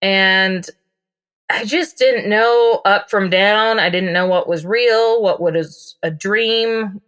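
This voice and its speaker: A woman's voice: medium pitch, slow pace, fairly bright tone, clean tone. A woman casually telling a personal story, acting out quoted lines in a raised voice. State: recovering from memory loss and daily headaches. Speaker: guest telling her story.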